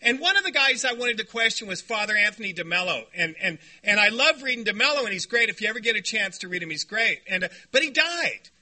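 A man telling a personal story at a recovery meeting, animated and self-deprecating, often laughing. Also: high voice, fast talker, few pauses.

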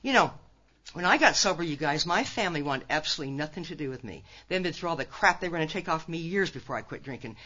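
A woman's voice: low voice, lively intonation, fast, sharp tone. An older woman from Nebraska gives a folksy personal testimony at a recovery conference, full of storytelling and punchy asides to the crowd. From Nebraska, USA. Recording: dull lo-fi recording.

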